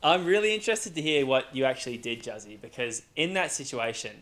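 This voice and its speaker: A man's voice: mid-range voice, very animated, brisk, fairly bright tone. A man, co-hosting a podcast in casual chat with teasing remarks. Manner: joking, teasing reactions. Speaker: podcast co-host.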